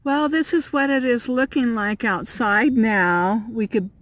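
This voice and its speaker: A woman's voice: fairly high pitch, unhurried, dry recording. A woman vlogging from inside her van, chatting casually with frequent fillers and little laughs. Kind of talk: casual vlog chat.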